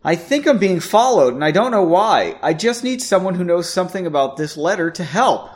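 A man's voice: on the high side, big pitch swings, measured pace, pitched above the performer's own voice. Man voicing an anxious, pleading young woman. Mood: nervous pleading. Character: nervous young woman seeking help.

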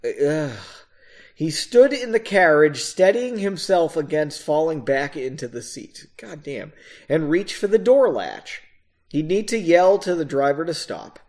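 A man's voice: a little high, big pitch swings, a little slow, darkish tone. A man reading a story aloud and breaking off for casual, self-mocking asides. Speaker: reader of his own novel.

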